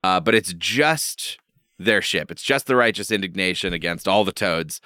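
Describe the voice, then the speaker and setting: A man with a bright, crisp voice co-hosting a casual podcast from a remote call. He talks in a wry, easygoing way, often laughing. The sound is dry and close. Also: deep voice, normal speed, no echo. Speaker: podcast co-host. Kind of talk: casual chat.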